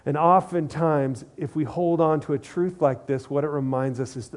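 Mellow-voiced man preaching conversationally. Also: mid-range voice, fairly even intonation, a little fast, few pauses. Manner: conversational, earnest, repeats phrases for emphasis. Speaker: pastor. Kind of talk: sermon.

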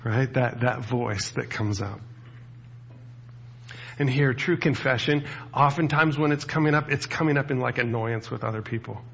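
A man's voice: mid-range voice, normal speed, creaky, a bit bright, lo-fi sound, a little hiss or hum. A man preaching a casual sermon as a pastor, talking to the room with rhetorical asides. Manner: conversational, with rhetorical asides to the audience.

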